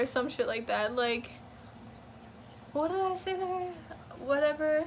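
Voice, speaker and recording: A young woman telling a profane, animated story in a casual storytime rant. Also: high-pitched, slight background noise. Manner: profane, animated, quick to flare up. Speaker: vlogger.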